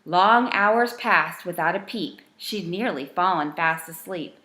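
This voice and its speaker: A woman reading a rhyming bedtime storybook aloud with a gentle, rhythmic delivery. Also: fairly low pitch, unhurried.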